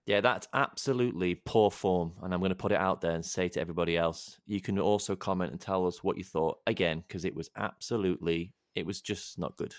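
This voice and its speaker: A man's voice: low-pitched, a little fast, few pauses, no room sound, clean studio sound. A man co-hosting a channel, teasing his friends in casual, playful banter. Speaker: co-host.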